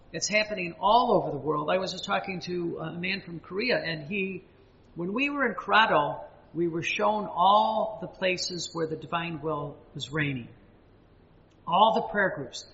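Guy preaching, high bright voice, muffled lo-fi sound, long echo like a church. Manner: emphatic, repetitive preaching with dramatic pauses and sudden rises. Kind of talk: sermon.

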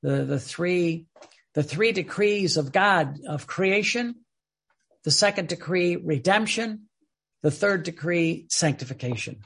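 A man's voice: high voice, animated, slow pace, gravelly, fairly bright tone, slightly rough. A man giving an earnest religious teaching, often repeating and restarting his words. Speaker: preacher.

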